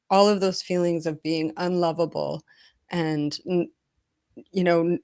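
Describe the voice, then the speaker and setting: A woman's voice: lowish voice, no echo. A woman who works as an intimacy coach, talking candidly and earnestly in a personal vlog, with frequent restarts and close to tears at times.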